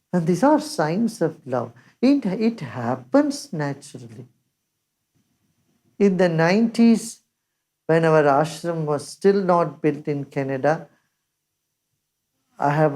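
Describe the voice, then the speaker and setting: An older woman giving a measured spiritual discourse as a teacher, reciting scripture verses along the way. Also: deep voice, animated, warm tone.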